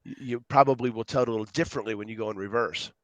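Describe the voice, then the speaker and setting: Animated storytelling man, dry sound. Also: lowish voice, very fast, no room sound. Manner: animated, acts out dialogue in stories; rambling, jumps between tangents. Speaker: podcast guest, youth speaker. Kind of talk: casual storytelling interview.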